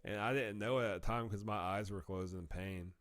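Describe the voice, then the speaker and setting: A man tells a story in casual podcast chat. His voice sits a little low and sounds dry and close. He laughs through the story and slips into the voices of the people he quotes. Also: steady tone, a little fast, fairly bright tone, no room sound. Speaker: podcast co-host.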